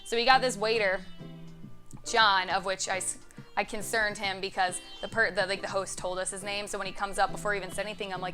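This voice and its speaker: A woman's voice: medium pitch, level tone, a little fast, pushed and bright, soft background music. A young woman chatting casually to camera as a vlogger, swearing freely and laughing as she tells stories. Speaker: YouTube vlogger.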